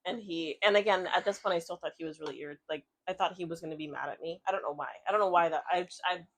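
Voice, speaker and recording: A woman's voice: fairly low pitch, very fast. A woman co-hosting a podcast, telling a personal story in a rambling, casual way with lots of fillers and swearing. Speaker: podcast co-host.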